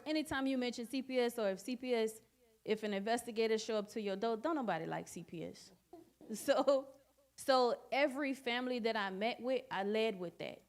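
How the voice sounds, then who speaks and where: A woman speaking at a church Bible study, giving a personal testimony in an earnest way and repeating phrases for emphasis. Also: medium pitch.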